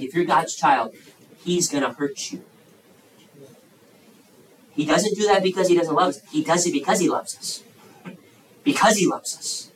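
A man in his thirties preaching a sermon to young people, swinging between loud emphatic bursts and hushed asides. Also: high-pitched, far from the mic, poor audio.

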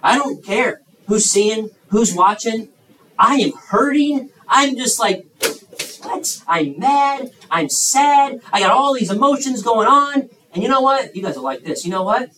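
A man in his thirties with a high voice preaches to young people. He swings from loud, pleading bursts down to quiet, confiding asides. He is heard from a distance, with faint room noise around him. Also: animated, unhurried. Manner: impassioned, swings between loud emphasis and hushed asides.

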